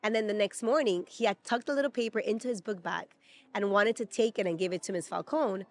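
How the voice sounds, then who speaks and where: A woman's voice: mid-range voice, brisk. A woman in her thirties from Peru, a native Spanish speaker, co-hosting a casual chat and talking emotionally with lots of fillers. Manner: chatty and emotional, many fillers. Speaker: podcast co-host. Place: at a theme park.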